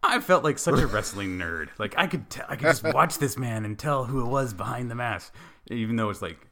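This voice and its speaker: A man's voice: mid-range voice, animated, a little fast, vocal fry, a bit bright. A man co-hosting a casual wrestling podcast, telling stories in a playful, self-mocking way. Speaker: podcast co-host.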